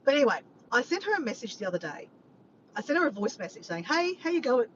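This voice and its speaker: A woman vlogger chats casually with her audience at a quick pace, rambling between topics and swearing freely. Her voice is medium-pitched and sing-song. The sound is dull and lo-fi, with faint background noise.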